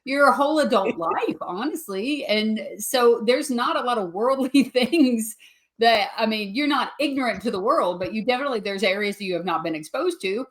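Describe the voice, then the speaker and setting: A woman's voice: on the high side, expressive, moderate pace. A woman from Kentucky cohosting a comedy podcast, chatting casually and laughing through her stories. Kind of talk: casual chat, storytelling.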